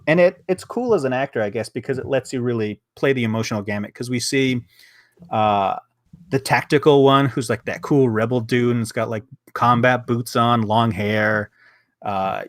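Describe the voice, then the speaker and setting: A man's voice: mid-range voice, no room sound, clean studio sound. A man hosting a casual podcast review of a TV episode, rambling along with lots of fillers, restarts and swearing.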